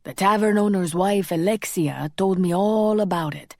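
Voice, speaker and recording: A woman's voice: medium pitch, moderate pace, dry recording, studio quality, lightly acted. Woman voicing a cocky, teasing male shapeshifter. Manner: joking, slangy banter.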